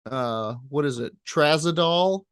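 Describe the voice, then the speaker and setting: A man's voice: on the high side, expressive, measured pace, a bit bright, smooth, dry recording. A man with a slightly raised voice banters on a comedy podcast, tossing off jokes and silly riffs. The recording is dry and close, with no room sound. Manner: jokey, riffing, playful voices. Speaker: podcast co-host. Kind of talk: casual comedy chat.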